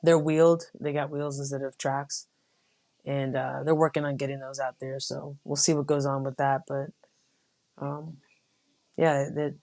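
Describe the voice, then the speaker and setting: A young adult woman from the United States, a Marine officer guest, telling stories in a relaxed, casual way with many fillers. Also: a bass voice, unhurried. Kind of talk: casual interview.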